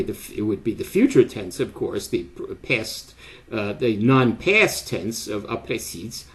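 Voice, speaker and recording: Slow, pausing older male lecturer. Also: lowish voice, darkish tone. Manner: slow and deliberate, many pauses and "uh" fillers. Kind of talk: academic web lecture.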